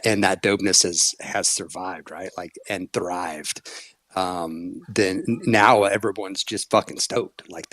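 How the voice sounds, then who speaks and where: A man with a fairly low voice talks loosely in an online audio chat. He rambles, fills gaps with "like" and "you know", and swears freely. The sound is dry and close. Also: a bit bright, no room sound. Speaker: community member, parent.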